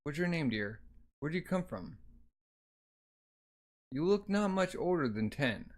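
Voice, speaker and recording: A man reading as a gentle peasant mother. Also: a little high, sing-song, unhurried, pitched above the performer's own voice. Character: kind English peasant mother, middle-aged, gentle.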